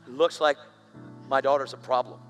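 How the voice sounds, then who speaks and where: A man's voice: mid-range voice, steady tone, normal speed, faint music behind. A man preaching, telling a story with strong feeling and rising into fervent prayer. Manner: emotional, builds to fervent prayer. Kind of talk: storytelling sermon.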